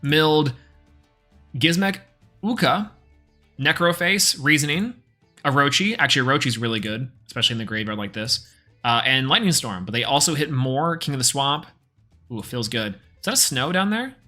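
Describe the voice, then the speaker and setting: Male streamer, bright tone, loose running commentary. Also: medium pitch, animated, moderate pace, soft background music. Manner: casual, chatty play-by-play, thinking aloud. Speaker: game streamer. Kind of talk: live gameplay commentary.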